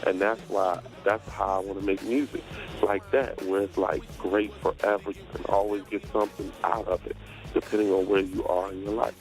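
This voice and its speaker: Blunt, defiant man with a low voice. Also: flat delivery, normal speed, soft background music, low-quality recording. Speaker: rapper guest. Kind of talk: radio interview.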